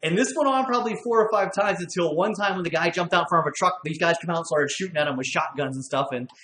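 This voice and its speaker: A man's voice: high voice, quick pace, fairly bright tone, echoey room. A man from Western Pennsylvania hosting a casual bar-talk webcast, upbeat and chatty, laughing often. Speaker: podcast host.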